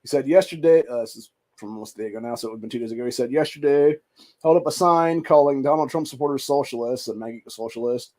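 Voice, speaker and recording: A man's voice: medium pitch, fast talker, a little mellow. A man hosting a political commentary show, reacting to clips with a profane, contemptuous rant. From United States. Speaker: host.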